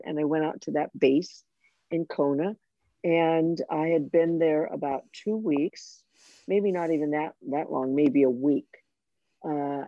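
An older woman with a low, gravelly and mellow voice recounts her own story, animated and ready to laugh at herself. The sound is dull and lo-fi, in a dry room. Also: dry recording. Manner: animated, self-mocking, with frequent restarts. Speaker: guest sharing her testimony. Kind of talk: personal storytelling in a conversation.

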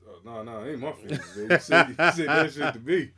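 A man's voice: a little high, quick pace, a crowd in the background. A man co-hosting a hip hop podcast, casual, mostly giving short laid-back replies and questions. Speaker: podcast co-host.

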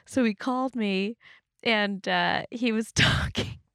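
Animated woman podcast host, dry sound. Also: takes it slowly, smooth, no echo. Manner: animated storyteller, jumps to high squeaky pitch when quoting herself. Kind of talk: casual chat.

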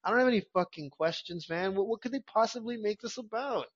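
A man's voice: high-pitched, fast, breathy edge. A man co-hosting a movie podcast, talking bluntly and emphatically in casual chat, often swearing. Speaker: podcast co-host. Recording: dull lo-fi audio.

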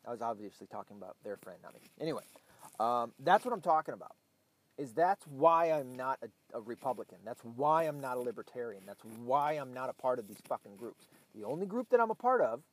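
A man's voice: fairly high pitch, dry recording. A man delivering a casual opinion monologue, rambling and swearing often, with heated, emphatic stretches. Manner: rambling and profane, with frequent restarts.

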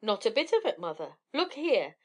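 A woman's voice: on the high side, big pitch swings, normal speed, darkish tone, dull audio. A woman reading a storybook and voicing Jack, a bold, brave young man with eager lines.

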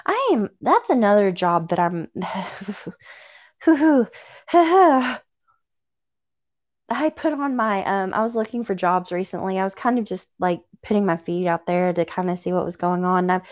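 A woman's voice: medium pitch, animated, a little slow. A woman in her thirties from Tennessee with a Southern accent, chatting casually as a podcast co-host in a rambling, self-deprecating way with some swearing. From Tennessee, USA. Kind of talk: casual chat. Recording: dull lo-fi sound.

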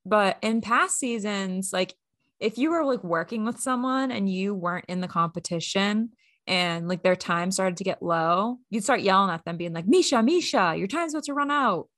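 Casting note: upbeat woman podcast host, mid-pitched, close dry mic, casual recap chatter. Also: normal speed, a bit bright, no echo. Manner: chatty, upbeat, lots of fillers.

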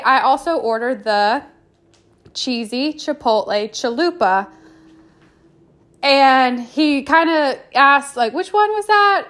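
A young woman chats casually, rambling through a story with plenty of fillers and restarts. Her voice sits a little high for a woman. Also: fairly bright tone. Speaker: food reviewer. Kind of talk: casual chat.

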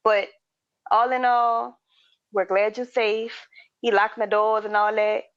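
A woman's voice: mid-range voice, level tone, takes it slowly, fairly bright tone, clear, resonant tone. A woman co-hosting a podcast, telling a story in loose, slangy casual chat and acting out the people in it. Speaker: podcast co-host. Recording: dry, slightly dull recording.

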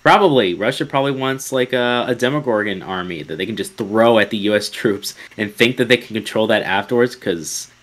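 A man's voice: on the low side, brisk, few pauses, fairly bright tone. A man co-hosting a podcast in casual chat, joking and blunt, swearing now and then. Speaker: podcast co-host.

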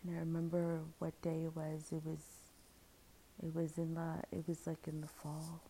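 A woman telling a personal story in a candid, earnest, halting way, sometimes dropping to a near-whisper. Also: deep voice, monotone, dark tone, a little hiss or hum. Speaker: storyteller sharing a personal experience.

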